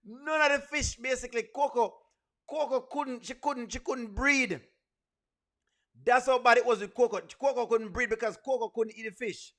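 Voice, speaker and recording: A man's voice: extremely high pitch, normal speed, fairly bright tone. A Jamaican man hosting a comedic reaction video, repeating himself and breaking into laughter as he talks. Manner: repetitive, keeps breaking into laughter.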